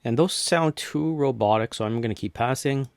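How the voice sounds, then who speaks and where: A man from North America casually walking through a software tutorial step by step, with frequent restarts. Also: medium pitch, moderate pace, a little hiss or hum. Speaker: tutorial host. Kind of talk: screen-recorded software tutorial.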